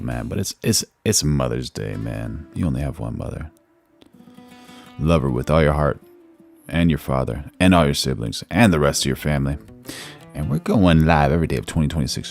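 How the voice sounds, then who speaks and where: A man with an extremely deep, gravelly voice hosts a casual live stream. He reads chat messages aloud in a laid-back way, calling people bro. Faint music plays behind him. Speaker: livestream host.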